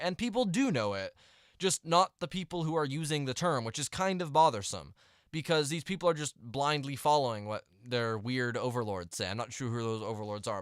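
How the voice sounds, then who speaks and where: A man's voice: medium pitch, fairly bright tone, no room sound. Young guy venting on his vlog, annoyed, rambly, dry little room sound. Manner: exasperated, rambling with restarts and mumbled asides. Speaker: vlogger. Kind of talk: ranting to camera.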